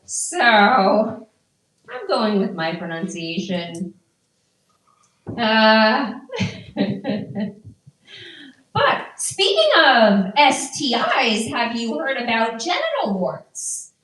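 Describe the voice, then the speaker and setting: A middle-aged woman doing a stand-up comedy set before a live audience, delivering dry, deadpan one-liners. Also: a little high, very slow, pauses often, slight background noise. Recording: echoey room from far off.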